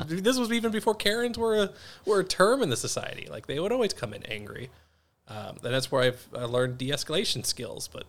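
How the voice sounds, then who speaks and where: A man with a bright, forceful voice chats casually. His stories come out laid-back and laughing. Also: fairly high pitch. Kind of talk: casual chat.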